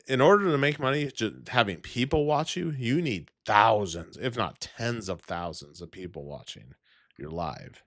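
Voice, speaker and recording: A man's voice: on the low side, lively intonation, moderate pace, fairly bright tone, no room sound. A man hosting a casual livestream, talking in a rambling, heavily profane way and laughing often. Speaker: livestream host.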